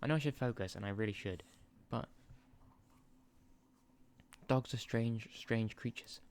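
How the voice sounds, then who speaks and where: This gaming channel host has a mid-range, darkish, clean voice and speaks at a measured pace. Chatting casually over a football management game, he drifts off topic, laughs and swears into a sensitive desk mic.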